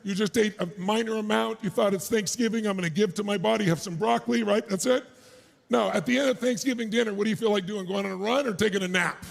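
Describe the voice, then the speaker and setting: A man giving a motivational speech to a live crowd on an arena stage. He is energetic and shouts to pump up the crowd, with crude, joking asides. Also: high-pitched, fast talker, gravelly. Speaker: motivational speaker.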